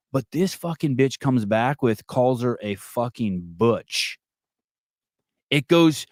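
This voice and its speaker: Profane, animated man telling a story. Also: medium pitch, no echo, clean studio sound. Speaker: podcast host. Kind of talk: casual chat.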